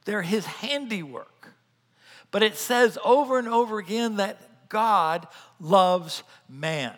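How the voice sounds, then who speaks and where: A man preaching a sermon as pastor, earnest, swinging between loud emphatic lines and quiet asides. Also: high-pitched, animated, slow pace, long reverb tail.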